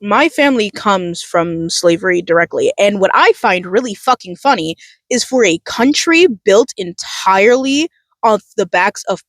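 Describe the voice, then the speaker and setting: A woman's voice: mid-range voice, no room sound. Heated, profane young woman ranting. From United States. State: holding back tears. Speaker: vlogger. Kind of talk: emotional political rant to camera. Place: school.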